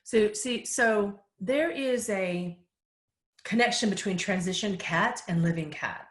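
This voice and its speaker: A woman's voice: medium pitch, a little slow, echoey room. A woman working as a psychic medium, chatting in a live Q&A, laughing often as she passes on messages. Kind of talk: live Q&A chat.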